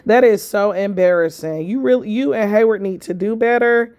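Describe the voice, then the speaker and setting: A woman's voice: medium pitch, normal speed, a little mellow. A woman reaction commentator giving blunt, lecturing, scolding commentary.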